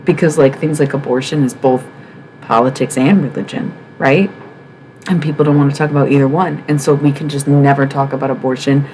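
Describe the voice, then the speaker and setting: A woman's voice: a bass voice, fairly even intonation, a little fast, darkish tone, a little hiss or hum, rough recording. A woman from the Midwest hosting a livestream, talking frankly and emphatically in a casual monologue, swearing and asking rhetorical questions. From American Midwest. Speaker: livestream host.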